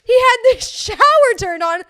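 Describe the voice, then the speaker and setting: This podcast co-host is a young woman whose very high-pitched voice moves at normal speed. Her storytelling is giggly and animated, with plenty of laughter woven through the casual conversation.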